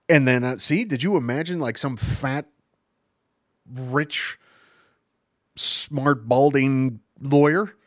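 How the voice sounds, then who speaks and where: A man's voice: medium pitch, slow, long pauses, dry recording, studio quality. A man hosting a casual podcast, rambling and swearing, often breaking into giggles. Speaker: podcast host. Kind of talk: casual chat.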